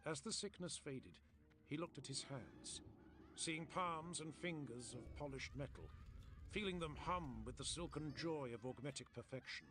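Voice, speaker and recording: Man narrating a story with a lively voice. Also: a little high, a little slow, background noise. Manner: steady, descriptive storytelling. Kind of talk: storybook narration read on a stream.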